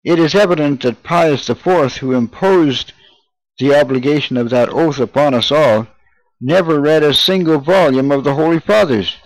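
A man reading an old first-person memoir aloud as narrator, in a measured, earnest way. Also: fairly high pitch, no echo, low-quality recording.

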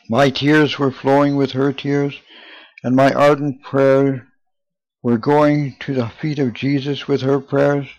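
A man giving an earnest, measured, solemn reading of a first-person memoir. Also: medium pitch, darkish tone, no room sound. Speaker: narrator. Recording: dull lo-fi, dry.

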